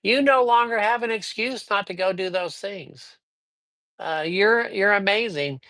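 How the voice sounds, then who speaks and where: A high-pitched, gravelly male voice with a sharp tone and measured pace leads a livestreamed card reading, recorded dry through a livestream microphone. The psychic is upbeat and chatty, greets viewers by name, and rambles a little with frequent fillers.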